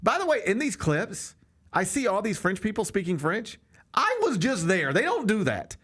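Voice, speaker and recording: A man's voice: sits high, wildly swooping pitch, moderate pace, a bit bright. A man hosting a sports talk show, chatting casually and with strong opinions, acting out quotes with big swings in his voice. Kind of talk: casual sports radio chat.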